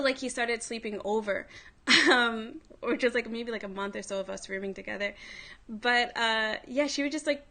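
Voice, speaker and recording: A woman's voice: on the high side, bright, forceful tone. A woman hosting a livestream, telling a story in a casual way, full of "like" and other fillers. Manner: chatty, filler-heavy, frequent "like". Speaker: livestream host.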